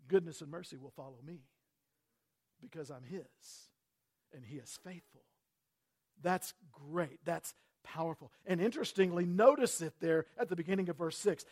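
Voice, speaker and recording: A man preaching a sermon, swinging between loud emphatic lines and hushed low phrases, speaking straight to his listeners and repeating key words. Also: moderate pace. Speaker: pastor.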